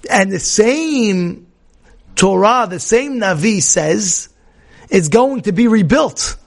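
A man with a notably high voice delivers a Torah class as a sermon. He talks with animation, repeats key phrases and slips into little acted-out voices of worried people. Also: expressive, slow pace, gravelly. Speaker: rabbi.

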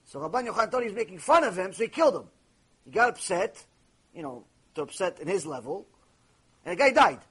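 A man's voice: high-pitched, big pitch swings, fast talker, fairly bright tone, breathy edge. A man teaching Torah in a storytelling lecture, repeating phrases and mixing in Hebrew terms.

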